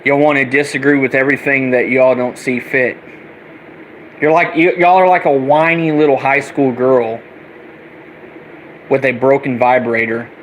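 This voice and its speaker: A man's voice: mid-range voice, steady tone, moderate pace, pauses often, slight background noise, low-quality recording. A young man ranting angrily and profanely, repeating himself as he goes. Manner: heated, profane, repetitive ranting. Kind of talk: angry political rant vlog.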